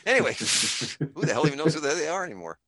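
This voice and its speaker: A man spinning loud, rambling stories and corny jokes with a bright, cutting tone and a voice that leaps up and down. He is recorded dry and close, with no room sound. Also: on the high side, sing-song, racing, no room sound. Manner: loud, rambling, theatrical joker. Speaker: comic creator and guest. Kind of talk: animated storytelling and joke telling.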